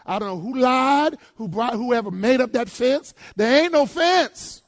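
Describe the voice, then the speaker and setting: High, gravelly-voiced preacher. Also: male voice, measured pace, few pauses. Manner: animated, calls out to the congregation, swings between loud and hushed. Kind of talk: sermon.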